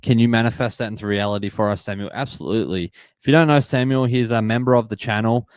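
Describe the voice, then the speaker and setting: A man in his twenties with an Australian accent, hosting a live sports watch-party stream and chatting excitedly while reading out and greeting viewers from the chat. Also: on the low side, fast talker, dry recording. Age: 20s. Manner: upbeat, reads and greets chat viewers, repeats phrases. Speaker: livestream host.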